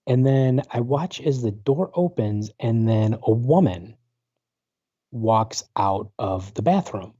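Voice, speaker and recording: Speaking slowly in a warm, husky, medium-pitched voice, this man sounds animated as he rambles through a personal story, restarting often and leaning on fillers. He's a paranormal researcher in his forties, a guest on a talk show in a casual storytelling interview. The video call audio is dull and lo-fi with no room sound.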